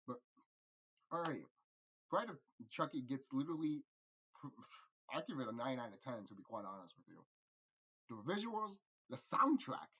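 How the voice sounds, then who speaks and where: Husky-voiced guy ranting about a movie, swears a lot, pitch jumps all over, kinda muffled lo-fi mic. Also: moderate pace, long pauses. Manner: animated, profane, laughs often. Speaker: movie review vlogger. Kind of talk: casual rambling movie review.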